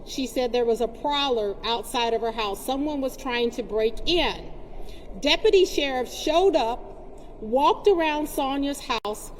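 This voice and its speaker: A high-voiced woman delivers a forceful, indignant speech to a gathered crowd, pressing her points through repetition. Her voice rings with a long reverb, and faint noise sits underneath. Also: a little slow. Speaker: community advocate speaking at a press conference. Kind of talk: impassioned public speech.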